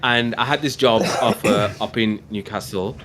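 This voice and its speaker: A man's voice: lowish voice, background noise. Chatty man. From England, near Birmingham. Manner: chatty storyteller, self-mocking, quick to joke. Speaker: podcast host. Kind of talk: casual livestream chat.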